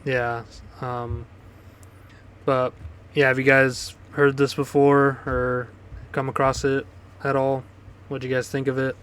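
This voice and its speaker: Male co-host, loose rambling chat, flat and even pitch. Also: slow, pauses often, smooth. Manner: loose, rambling, swears casually. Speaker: podcast co-host. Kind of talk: casual chat.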